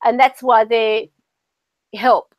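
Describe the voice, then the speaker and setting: A woman's voice: fairly high pitch, fairly even intonation, takes it slowly, no echo. A woman host and spiritual medium chatting casually, telling stories and acting out what others said. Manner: chatty, storytelling with quoted voices. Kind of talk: casual conversation.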